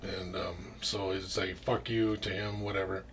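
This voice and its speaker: A man's voice: sits low, little pitch movement, normal speed, fairly bright tone, a little hiss or hum. A man telling a story in casual talk, rambling with restarts and frequent swearing. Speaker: interview guest.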